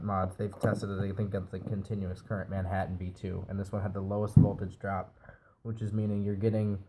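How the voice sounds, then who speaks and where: A man's voice: fairly low pitch, slight background noise, rough recording. A man with a nasal, stuffy voice from a cold, casually reviewing a device while he assembles it. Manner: relaxed, explains while assembling. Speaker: product reviewer.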